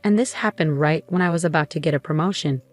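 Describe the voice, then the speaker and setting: A woman's voice: sits low, fast, faint music behind. A woman reading as a complaining, scheming sister. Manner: complaining, demanding. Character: self-pitying scheming young-adult sister.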